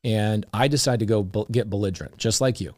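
A man's voice: lowish voice, fairly quick, no echo. A middle-aged man, an investor guest, telling casual stories and acting out the dialogue in them. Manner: animated, acts out quoted dialogue. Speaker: real estate investor guest. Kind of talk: casual storytelling.

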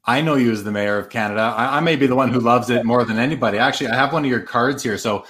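A man's voice: mid-range voice, rapid-fire, fairly bright tone. A man hosting a live podcast show, introducing and interviewing his guest in an upbeat, friendly way. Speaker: podcast host.

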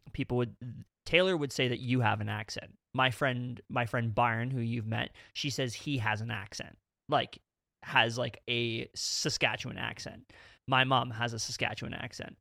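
A man's voice: mid-range voice, vocal fry, bright, forceful tone, no room sound, studio quality. A Canadian man with a mix of Eastern and Western Canadian accents, hosting a podcast in casual, rambling chat and often restarting his sentences. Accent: mixed Eastern and Western Canadian. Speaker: podcast host.

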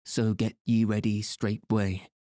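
A man's voice: on the low side, little pitch movement, slow pace, mellow, no room sound, clean studio sound. A man voicing a cruel middle-aged male sheriff who speaks in a commanding, gloating way.

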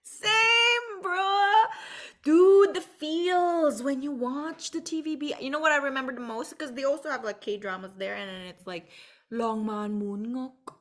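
A woman's voice: sits high, moderate pace, darkish tone. A young woman co-hosting a podcast in casual chat, laughing often and talking with lots of fillers. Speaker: podcast co-host.

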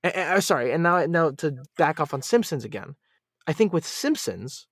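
Animated, opinionated man in casual chat. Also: a little high, moderate pace, dry recording, clean studio sound. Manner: animated, opinionated, laughs often. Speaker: podcast guest.

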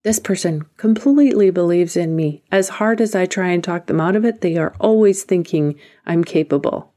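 A woman's voice: lowish voice, normal speed, dark tone. A woman hosting a self-help podcast, speaking earnestly and emphatically, sometimes dropping to a whisper for emphasis. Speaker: podcast host. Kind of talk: motivational self-help talk.

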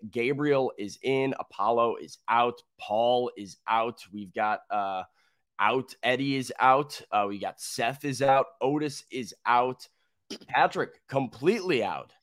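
A man co-hosting a sports talk show, briskly rattling off viewer responses from the chat with casual "uh"s between them. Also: medium pitch, fairly bright tone, no room sound, clean studio sound. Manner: brisk, list-like delivery with filler "uh"s.

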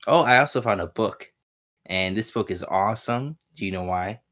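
A man's voice: fairly low pitch, moderate pace, fairly bright tone. A man co-hosting a casual gaming podcast, laid-back and hesitant, full of fillers as he recounts his play. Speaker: podcast co-host.

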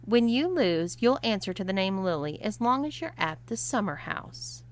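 A woman's voice: medium pitch, very animated, normal speed, close to an everyday voice. A woman reading the lines of a scheming young woman who chides and mocks. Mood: mocking. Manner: mocking, chiding.

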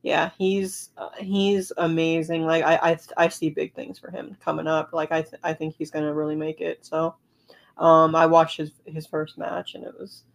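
Casting: lower-pitched woman, easygoing podcast co-host, hesitant and agreeable. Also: little pitch movement, normal speed, vocal fry. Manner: agreeable, hesitant, lots of yeahs. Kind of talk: casual chat.

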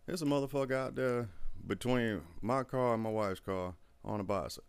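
A man telling a profane, animated story in casual chat, acting out the people he quotes. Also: medium pitch, normal speed, clean tone.

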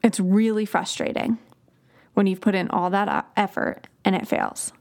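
A woman's voice: medium pitch, fairly even intonation, moderate pace, creaky, a little mellow. A woman hosting a podcast, explaining child development in a conversational way with example phrases to children. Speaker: podcast host.

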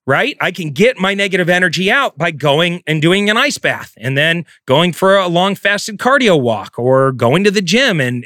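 A man's voice: high voice, sharp tone, dry recording, clean studio sound. A man giving a profane, emphatic motivational talk as a real estate coach. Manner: intense, profane, emphatic delivery.

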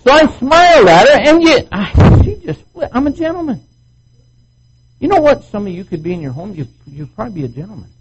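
A man's voice: extremely high pitch, very animated, brisk, a little hiss or hum, low-quality recording. A middle-aged male pastor preaching a sermon at a marriage retreat, acting out quoted voices as he goes. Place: marriage retreat meeting room.

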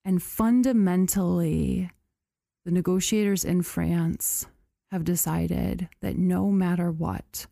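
A woman hosting a podcast, telling a story in a casual chatty way, full of "like" and "you know" and quick laughs. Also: fairly low pitch, fairly even intonation, vocal fry, dark tone, no echo, clean studio sound. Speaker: podcast host.

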